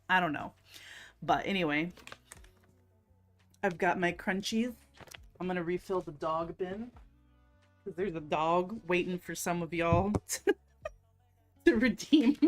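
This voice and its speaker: A woman hosting a casual livestream, chatty and giggly, greeting her chat by name. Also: lowish voice. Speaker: livestream host. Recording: faint music underneath.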